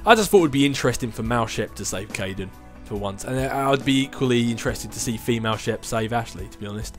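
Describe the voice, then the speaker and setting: A man's voice: medium pitch, expressive, quick pace, soft background music. Chatty young man, rambling Q&A host. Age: 20s. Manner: rambling, chatty, with frequent restarts and laughs. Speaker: YouTube channel host answering viewer questions. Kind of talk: casual chat.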